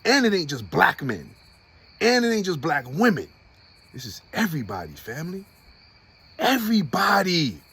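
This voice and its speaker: A man's voice: huge pitch swings, normal speed, long pauses, husky. Impassioned man hosting a podcast. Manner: impassioned, swinging from low and quiet to loud and high. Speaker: podcast host. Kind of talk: personal podcast monologue.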